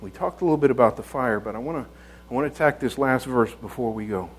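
A man's voice: mid-range voice, quick pace, husky, poor audio. A man preaching a conversational sermon in a church, folksy, often repeating words and asking rhetorical tag questions.

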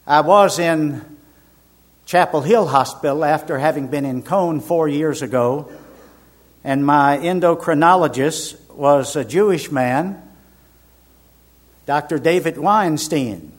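A man's voice: on the high side, a little slow. An older man from Virginia preaching, mixing conversational stories with emphatic scripture. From Richmond, Virginia, US. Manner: conversational storyteller, swells to emphatic proclamation. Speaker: minister. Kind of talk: sermon with personal anecdotes.

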